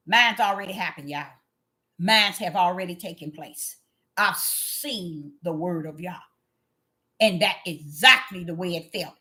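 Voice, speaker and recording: A woman preaching an impassioned sermon, calling out to her listeners and swinging from low murmurs to loud cries. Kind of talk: fiery street sermon.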